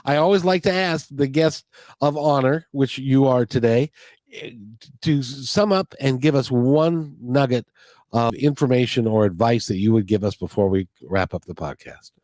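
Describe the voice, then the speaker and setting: A man's voice: mid-range voice, normal speed, a little mellow, no echo, clean studio sound. A man hosting a podcast interview, talking in an earnest, rambling way full of restarts. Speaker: podcast host. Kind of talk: casual interview talk. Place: near Puget Sound.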